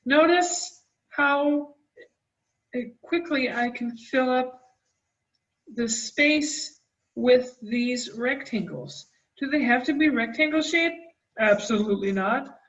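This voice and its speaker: A woman art teacher talking children through a drawing, gentle and encouraging as she draws. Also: sits high, takes it slowly, distant mic. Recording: dull, roomy, from the mic.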